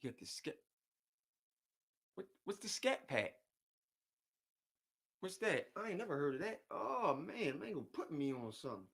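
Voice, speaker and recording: A man's voice: a little high, big pitch swings, normal speed, vocal fry, long pauses, a bit bright, breathy edge. A man casually chatting with his viewers in loose slang, repeating his words, jumping between topics and often chuckling as he talks. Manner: often chuckles while talking. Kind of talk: casual chat.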